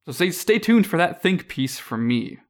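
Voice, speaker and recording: A man's voice: high voice, normal speed. Rambling young man co-hosting a podcast. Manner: rambling, relaxed, laughs often, many fillers. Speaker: podcast co-host. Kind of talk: casual podcast chat.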